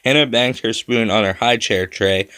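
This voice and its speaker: A man's voice: medium pitch, moderate pace, bright, forceful tone, clean tone, no echo, studio quality. A man narrating a first-person spooky children's story with a dramatic delivery.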